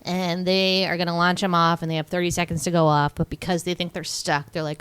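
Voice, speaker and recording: A woman's voice: fairly low pitch, steady tone, moderate pace, hardly any pauses, fairly bright tone, smooth, no echo. Playful sweary woman podcast co-host. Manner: playful, sweary, quotes the characters. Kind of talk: casual chat recapping a film.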